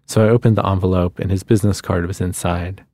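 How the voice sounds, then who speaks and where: A man reading a literary short story aloud in a measured storytelling manner, on a studio microphone. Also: sits low, fairly even intonation, warm tone, no echo. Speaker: guest reader.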